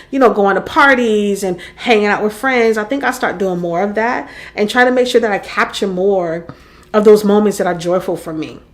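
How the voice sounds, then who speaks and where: A woman in her late forties speaks straight to her audience in a personal vlog. Her voice sits at an ordinary middle pitch, and she talks in a reflective, wandering way. She is openly vulnerable and thinks aloud as she goes. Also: fairly bright tone. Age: 40s. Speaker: content creator and podcaster. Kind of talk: candid personal vlog monologue.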